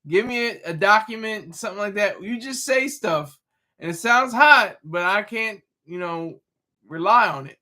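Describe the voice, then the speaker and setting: A man hosting a live stream, answering chat in a casual, rambling way with halting restarts and self-corrections. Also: high voice, lively intonation, bright, forceful tone. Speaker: livestream host reading chat.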